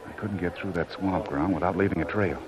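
A man's voice: low-pitched, steady tone, brisk, a loud crowd, natural voice. An actor playing a bold jungle hunter hero who mutters his thoughts aloud as he stalks his quarry, in 1940s radio acting. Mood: tense. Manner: muttering to himself. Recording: hissy, muffled old radio transcription.

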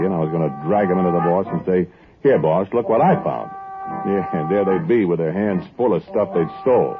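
A man narrating and playing the lead in a 1940s radio drama, rambling and hesitant, full of pleading asides. His voice sits low but swings widely in pitch. Thin, tinny broadcast sound with faint music beneath.

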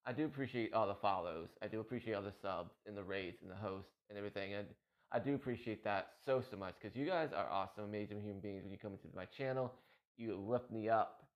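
A man with a somewhat low voice talks to his stream viewers in a casual, heartfelt ramble. He repeats himself often and gets emotional as he goes. The sound is dull and lo-fi, like a cheap streaming mic. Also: fast talker. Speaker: Twitch streamer.

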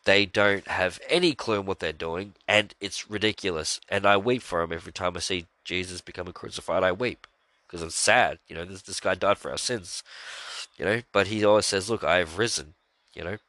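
A podcast host with a low, bright, forceful voice speaks briskly in a casual religious monologue. He rambles earnestly about his faith, sighing and using fillers often. The recording is dry.

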